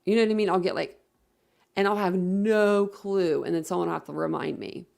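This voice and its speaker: A woman's voice: lowish voice, fairly even intonation, fairly quick, creaky, a little mellow. A woman hosting a casual livestream, rambling and chatting while reading viewer comments aloud. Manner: rambling, chatty, many fillers and self-corrections. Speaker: livestream host.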